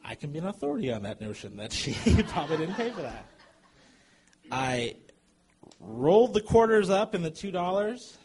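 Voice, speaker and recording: A man telling a comic true story to a live audience, animated and chuckling as he goes. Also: fairly high pitch, normal speed, a little hiss or hum.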